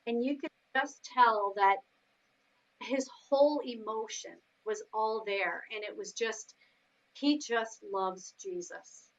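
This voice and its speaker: Earnest woman, halting speech, dull recording. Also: fairly high pitch. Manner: earnest, halting with many fillers. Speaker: team member. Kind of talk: casual chat.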